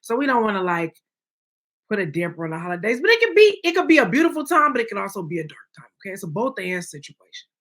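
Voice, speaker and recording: Bright, emphatic woman co-host. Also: mid-range voice, sing-song, fast. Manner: emphatic, frequent "okay?" check-ins. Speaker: podcast co-host. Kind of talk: opinionated casual chat.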